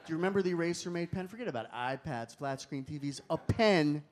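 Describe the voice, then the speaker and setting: A man performing a stand-up comedy set on a club stage, animated and shouting some lines. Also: a little high, quick pace. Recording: club crowd laughter and room noise.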